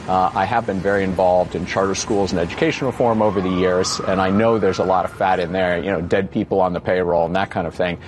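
A man's voice: deep voice, slight background noise. A man interviewed about the city budget, answering loosely with many fillers and restarts. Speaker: former mayoral candidate, guest. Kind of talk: conversational interview.

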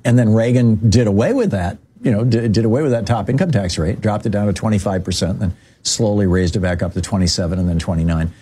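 Mellow, husky-voiced male radio host. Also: fast talker. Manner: conversational, many "you know" fillers and restarts; lively storyteller, jumps pitch for emphasis. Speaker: radio talk show host. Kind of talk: political commentary with anecdotes.

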